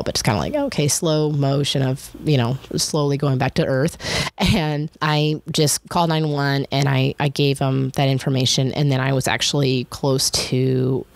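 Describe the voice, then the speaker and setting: A woman's voice: deep voice, dry recording. A woman hosting a podcast, talking casually and rambling with restarts and fillers. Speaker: podcast host.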